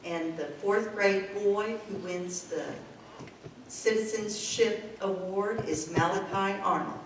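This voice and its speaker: A woman teacher reading out award winners and subjects in a slow, measured way at a school ceremony. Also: medium pitch. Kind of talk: reading out a list of names. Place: school gym or hall. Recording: echoey hall, distant mic, room noise.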